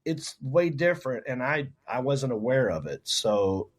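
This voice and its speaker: A man's voice: mid-range voice, a little slow. Southern man telling a story. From North Carolina, US South. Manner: animated storyteller, acts out others' lines. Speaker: comedian guest. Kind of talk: casual storytelling chat.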